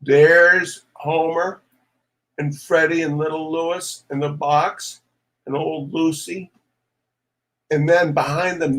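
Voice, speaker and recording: A man reading a children's story aloud to an audience, animated and showing pictures as he goes. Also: a little high, takes it slowly, pauses often, rough recording.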